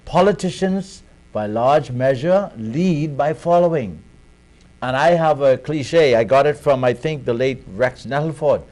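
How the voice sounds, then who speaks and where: A man's voice: mid-range voice, unhurried, a little mellow, low-quality recording. A man with a Bahamian accent, a guest on a talk show, making his points in an earnest, emphatic way with some restarts.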